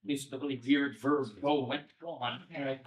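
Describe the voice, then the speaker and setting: A man's voice: medium pitch, level tone, moderate pace, highs cut off. A man giving an informal poetry lecture as a pastor, chatty, with many fillers, checking in with "right?". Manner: reads old verse aloud in a lifted, sing-song voice. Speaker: pastor teaching a poetry class. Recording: echoey room, mic at a distance.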